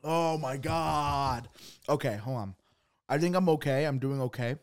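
A man's voice: mid-range voice, measured pace, no room sound, clean studio sound. A man co-hosting a casual podcast, laughing often and swearing casually, gagging and teary-eyed. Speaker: podcast co-host. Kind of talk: casual comedic podcast chat.

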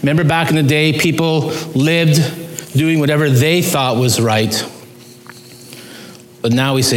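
Male pastor, fairly high voice, earnest emphatic sermon delivery, roomy echo with faint background noise. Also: steady tone, measured pace, long pauses. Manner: earnest, emphatic preaching with sudden rises and drops.

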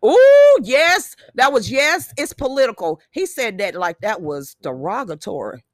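A woman's voice: medium pitch, lively intonation, normal speed, a bit bright, no room sound, studio quality. A middle-aged woman, hosting a live show in brash, profane, joking casual chat.

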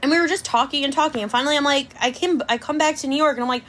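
A young woman hosting a podcast, telling a dating story in an animated, chatty way. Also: sits high, racing, hardly any pauses. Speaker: podcast host. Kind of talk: casual chat.

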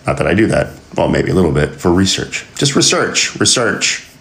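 Low voiced dude rambling and cracking jokes over news stories, echoey room. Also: male voice, quick pace, creaky. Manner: rambling, joking, laughs often. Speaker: podcast host. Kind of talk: casual news commentary podcast. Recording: roomy echo.

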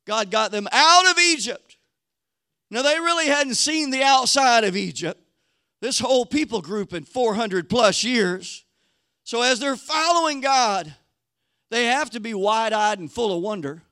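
High-voiced, animated preaching man. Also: measured pace, clean tone, no room sound, studio quality. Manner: animated storytelling, conversational, frequent restarts and 'man'. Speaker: pastor. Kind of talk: sermon.

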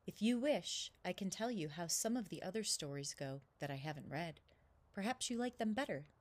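A woman's voice: fairly low pitch, expressive, normal speed. A woman voicing a kindly, hopeful old man who tells stories, speaking with patient reassurance. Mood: gentle. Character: kindly old male storyteller, hopeful and gentle.

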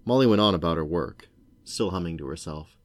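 Deep-voiced dad reading a story aloud. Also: male voice, expressive, brisk, no room sound. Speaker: parent reading to his children.

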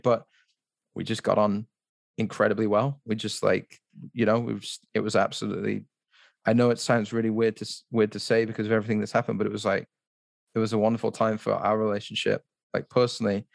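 A man's voice: on the low side, vocal fry, no echo. Man, podcast guest, rambling storytelling, dry close sound. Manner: rambling, full of "like" and restarts. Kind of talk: casual storytelling.

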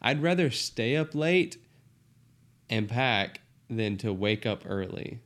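A man's voice: medium pitch, animated, slow pace, fairly bright tone. A young man co-hosting a podcast in a casual chat, laid-back and slangy, often saying "like" and "dude". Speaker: podcast co-host.

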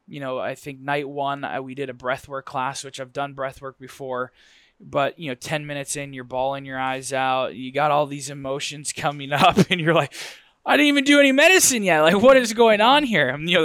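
A man with a smooth, resonant voice of middling pitch tells a personal story with lively energy, peppering it with casual fillers. He sounds close and dry on the mic, with no room around him. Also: no echo.

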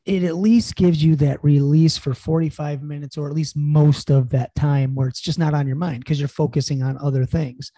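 A man's voice: fairly high pitch, fairly even intonation, normal speed, hardly any pauses, warm tone, no echo. A man co-hosting a podcast, chatting casually and earnestly with lots of "you know" fillers, encouraging listeners. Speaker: podcast co-host. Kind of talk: casual chat.

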